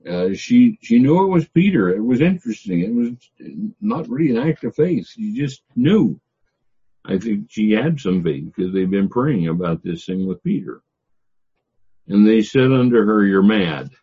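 Deep, dark-voiced man teaching scripture. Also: breathy edge, highs cut off. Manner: reads scripture then explains it, with frequent "uh" pauses. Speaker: Bible teacher. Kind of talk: verse-by-verse Bible teaching.

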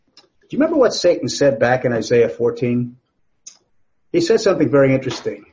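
A man's voice: medium pitch, sing-song, fairly quick, long pauses, a little mellow, muffled recording. A man preaching a Bible sermon in a conversational way, asking the listeners questions and making small jokes. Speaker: pastor.

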